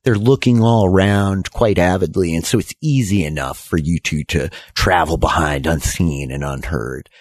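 Deep husky man narrating a game. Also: moderate pace, hardly any pauses. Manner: relaxed storytelling full of fillers. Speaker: game master. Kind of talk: narrating a tabletop role-playing game.

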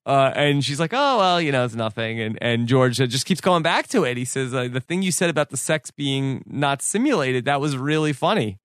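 A man's voice: mid-range voice, moderate pace, few pauses, dry recording, studio quality. A man co-hosting a casual podcast chat, recapping scenes and quoting lines with frequent "like" fillers. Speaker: podcast co-host.

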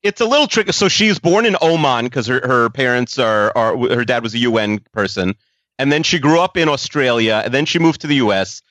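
A man's voice: medium pitch, fairly quick, a bit bright, no echo. A man chatting casually on a podcast, opinionated and emphatic. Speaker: podcast co-host. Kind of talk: casual chat.

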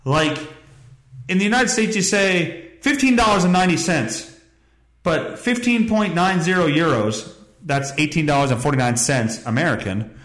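A man with a fairly high, lively voice rambles through a podcast monologue and news reading. He swears freely and adds sarcastic asides. The sound is roomy and echoey. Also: normal speed. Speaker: podcast host. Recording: echoey room.

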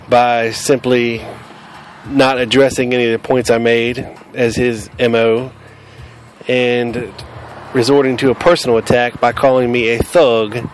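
A man's voice: mid-range voice, slight background noise. Blunt Southern man hosting a podcast. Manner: blunt, combative, cusses freely. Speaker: podcast host. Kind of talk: casual podcast monologue.

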